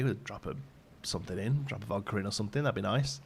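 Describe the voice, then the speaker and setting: This man talks quickly in a medium-pitched, gravelly, husky voice with a fairly bright tone. He's streaming a game from home in Ontario, Canada, chatting casually with viewers and laughing a lot.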